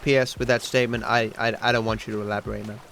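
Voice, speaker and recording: A man's voice: fairly low pitch, level tone, racing, gravelly, a bit bright, slight background noise. Chatty male game streamer. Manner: chatty, rambling, reacting to chat. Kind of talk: casual livestream chat while gaming.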